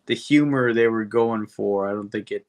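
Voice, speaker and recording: A man co-hosting a movie podcast in relaxed, hesitant chat, often pausing to search for words. His voice has a gravelly rasp. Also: on the low side. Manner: laid-back, hesitant, many fillers. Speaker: podcast co-host. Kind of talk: casual movie review chat.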